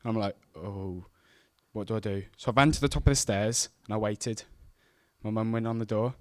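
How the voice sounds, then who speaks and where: A young man telling a true story on stage, animated and self-mocking as he acts out the scenes. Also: fairly low pitch, brisk, dry recording, clean studio sound. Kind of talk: live storytelling to an audience. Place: stage at a live event.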